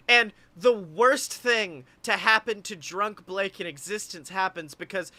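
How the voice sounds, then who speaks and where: A man co-hosting a podcast, telling animated stories in casual chat and acting out what others said. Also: high-pitched, normal speed, hardly any pauses, dry recording. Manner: animated storyteller, acts out quotes, laughs often. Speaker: podcast co-host.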